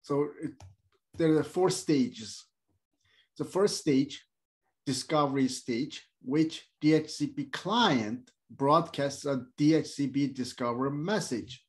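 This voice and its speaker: A male instructor explaining networking in a halting, plain way, with many fillers and everyday comparisons. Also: on the high side. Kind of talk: screen-share tech lesson.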